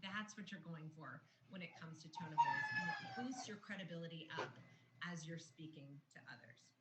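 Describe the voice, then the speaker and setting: Woman trainer, conversational explainer; roomy recording with steady background noise. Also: on the low side, moderate pace. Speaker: communication trainer. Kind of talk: online training lesson.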